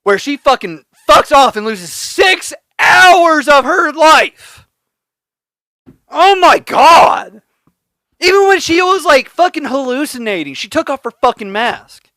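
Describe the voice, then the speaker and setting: Animated ranting, swearing podcast co-host man. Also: very high voice, takes it slowly, no echo. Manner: ranting, heavily profane, laughing often. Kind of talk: casual podcast chat.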